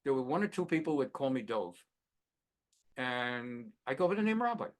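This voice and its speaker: A man's voice: medium pitch, very animated, moderate pace. A middle-aged man teaching a Bible class as a rabbi, talking conversationally and acting out little quoted exchanges between people. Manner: conversational, acts out quoted exchanges, many fillers. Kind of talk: lively classroom lecture.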